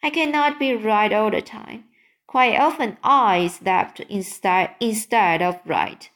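A woman with a medium-pitched, fairly bright voice reads slowly from a storybook, voicing a big friendly male giant. His lines come out muddled, in jumbled grammar and made-up words.

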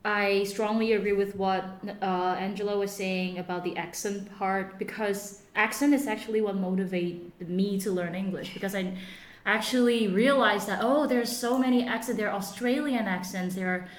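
An eager young woman chats with friends, often breaking off and restarting her sentences. Her voice has a middle pitch and an echo from a roomy space. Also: steady tone, normal speed. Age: young adult. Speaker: university student guest. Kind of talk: casual podcast chat.

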